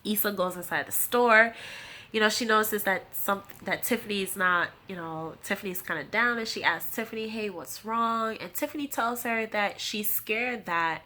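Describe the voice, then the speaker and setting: A woman in her late twenties casually recaps a TV episode, acting out the characters' lines as she retells them and laughing often. Her voice is mid-range and her pace moderate.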